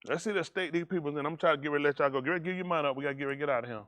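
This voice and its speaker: A pastor, preaching loud and emphatic to his congregation. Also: fairly high pitch. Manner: loud, emphatic, quick preaching with call-and-response. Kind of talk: preaching a sermon.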